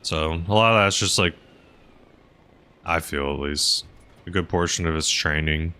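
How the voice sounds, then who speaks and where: Bright-voiced man chatting on a gaming stream. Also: low voice, measured pace, smooth. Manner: rambling, filler-heavy, laughs often. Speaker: streamer flying a helicopter. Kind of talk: casual gaming stream chat.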